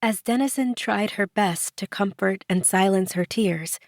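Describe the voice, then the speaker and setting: A woman narrating an audiobook in a measured way, giving the characters soft voices. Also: mid-range voice, no echo, clean studio sound.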